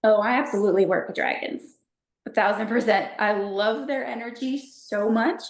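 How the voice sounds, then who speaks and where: A woman from Texas, a podcast guest telling stories in a chatty, animated way, full of fillers. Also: mid-range voice, moderate pace, roomy sound. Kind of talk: casual storytelling chat.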